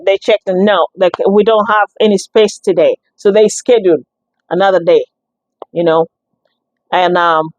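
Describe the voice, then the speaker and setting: A woman giving a personal testimony, telling her story in an animated, expressive way, with many restarts and acted-out exchanges. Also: medium pitch, dry recording, rough recording. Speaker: guest sharing a testimony.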